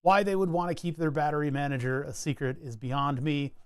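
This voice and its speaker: A man's voice: fairly high pitch, fairly even intonation, a little fast, smooth, dry recording. A man casually talking through circuit board design on a live stream, rambling and joking as he reads out part numbers and datasheets. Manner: chatty, rambling, jokey asides while reading datasheets.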